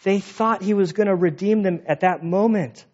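High-voiced man preaching playfully. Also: moderate pace, darkish tone, dull audio. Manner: casual, playful retelling with acted-out dialogue. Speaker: pastor. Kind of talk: sermon.

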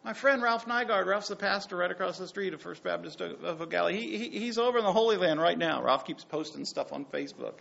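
A male pastor preaching a sermon, swinging between hushed lines and loud bursts and acting out the quotes. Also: sits high, fast talker, creaky, few pauses. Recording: dull lo-fi sound.

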